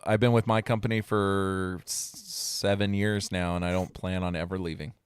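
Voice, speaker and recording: A man's voice: deep voice, little pitch movement, normal speed, clean tone. A man co-hosting a podcast from home, laid-back and casual, laughing often. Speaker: podcast co-host. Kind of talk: casual chat. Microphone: remote home setup.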